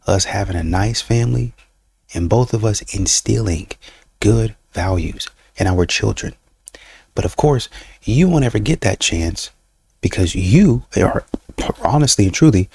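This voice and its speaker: Gravelly low-voiced man arguing back. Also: darkish tone. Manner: argumentative, questioning, mocks the other side. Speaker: reaction channel host. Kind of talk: commentary reacting to clips.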